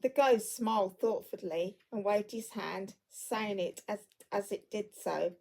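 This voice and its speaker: A woman reading a classic story aloud at an unhurried pace, stumbling now and then and correcting herself. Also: mid-range voice, vocal fry, darkish tone, poor audio.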